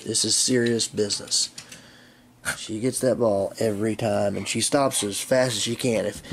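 A man's voice: fairly low pitch, fairly even intonation, normal speed, creaky, slight background noise. A man chatting casually outdoors, narrating a game of fetch and fondly coaxing his dog. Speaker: channel host. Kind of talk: casual vlog commentary while playing fetch.

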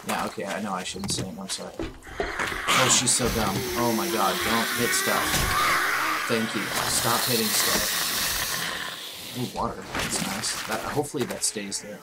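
A man casually commentating on a survival game as he plays, excitable and talking back to the enemies on screen. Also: fairly low pitch, a little slow, heavy background noise. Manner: excitable, talks to the game's enemies. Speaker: gameplay commentator. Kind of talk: casual let's-play commentary. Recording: loud game music under the voice.

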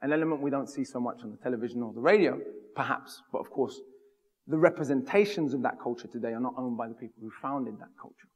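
A man's voice: medium pitch, quick pace. A man from the United Kingdom giving a public talk, with a rhythmic, emphatic delivery. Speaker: speaker. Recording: long hall reverb.

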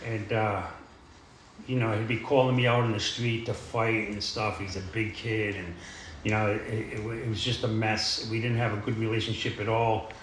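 A man's voice: on the low side, level tone, normal speed, fairly bright tone, slight background noise. Plain-spoken man in an echoey room. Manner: plain-spoken, rambling, frequent "you know" and "uh". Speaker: AA speaker sharing his story. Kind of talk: recovery talk, storytelling.

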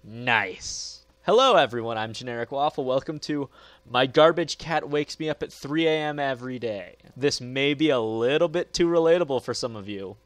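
A man's voice: medium pitch, expressive, moderate pace, fairly bright tone, no room sound. A man hosting a gaming channel, giving dry, understated let's play commentary.

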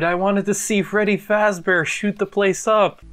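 High, bright-voiced excitable young man gaming. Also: normal speed, few pauses, faint music behind. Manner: excitable, swears a lot, loud outbursts and laughs. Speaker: gameplay commentator. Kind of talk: let's play commentary.

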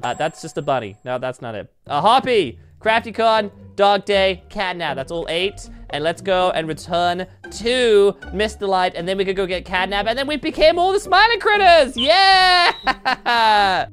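A woman's voice: on the low side, normal speed, hardly any pauses. A young woman hosting a game roleplay, bubbly and giggly as she plays and comments. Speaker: gaming channel host. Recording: background music, faint.

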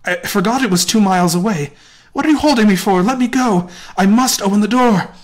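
A man doing a frantic, shrill old mother. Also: brisk, a little mellow, lightly acted. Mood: frantic pleading. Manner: shrill, pleading, screaming.

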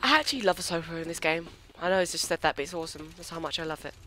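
Excitable man playing a game, bright voice. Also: on the high side, rapid-fire, slight background noise. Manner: excitable, squeals and swears when startled. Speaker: let's play gamer. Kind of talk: casual gameplay commentary.

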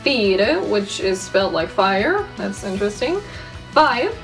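A young woman, chatting in a casual vlog with lively, self-mocking exclamations. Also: mid-range voice, a little slow, soft background music, rough recording. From Germany. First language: German. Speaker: vlogger.

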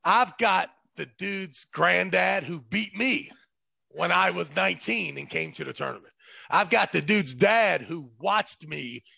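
A man's voice: high voice, unhurried, vocal fry, pushed and bright, breathy edge, no room sound. A man who arm wrestles, talking in a casual chat in a boastful, emphatic way and swearing freely.

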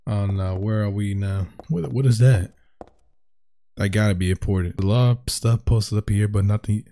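A young man giving casual let's-play commentary, slangy and profane, reacting loudly and animatedly to the game. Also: lowish voice, normal speed. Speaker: gaming channel host. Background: game music.

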